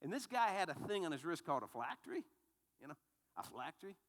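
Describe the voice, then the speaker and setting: A man preaching a sermon as pastor, telling the story in an animated way with frequent restarts. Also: fairly high pitch, fast, big-room sound.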